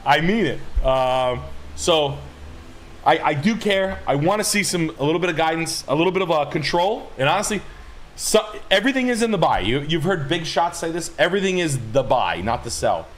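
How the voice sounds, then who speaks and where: A man rants on a livestream, swearing freely and hammering his points home with emphasis. His voice sits a little high and swings widely in pitch. A faint noise hums in the background. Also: lively intonation, a little fast. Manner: loud, swearing, emphatic, rambling. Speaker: streamer host. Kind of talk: profane livestream rant.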